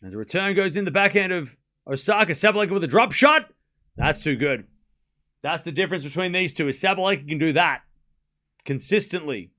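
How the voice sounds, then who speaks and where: A man's voice: a little high, animated, brisk, sharp tone. A young man hosting a live tennis watchalong stream, mixing play-by-play with chatty joking asides. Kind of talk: live streamed match commentary.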